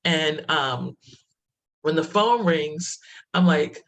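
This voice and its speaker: Forceful woman telling stories on a webinar. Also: low voice, lively intonation, takes it slowly. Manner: storytelling, laughs often, many restarts. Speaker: diversity speaker. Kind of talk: webinar talk.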